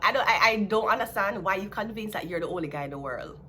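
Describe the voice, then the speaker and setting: A Jamaican woman in a casual tarot reading, talking in a blunt, sassy way with an average-pitched voice. A faint hum of ambience sits behind her. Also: lively intonation, quick pace, sharp tone. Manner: blunt, sassy, laughs at her own jabs. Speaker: tarot reader.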